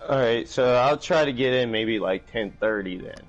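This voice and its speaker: A man's voice: mid-range voice, moderate pace, dull audio. A man chatting casually on a live stream, telling stories and acting out phone calls. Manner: animated storytelling, acts out phone calls in raised voices. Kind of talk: casual chat.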